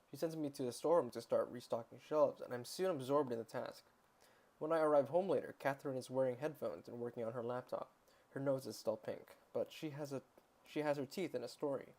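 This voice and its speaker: A man at home reads a novel aloud as a parody audiobook, in a middle-pitched voice. He trips over words and restarts them, and breaks off into sarcastic, fed-up comments on the text. The delivery is casual and unpolished. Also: darkish tone. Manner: sarcastic, interrupts reading with exasperated comments; stumbles and restarts words while reading. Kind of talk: mock audiobook reading with asides.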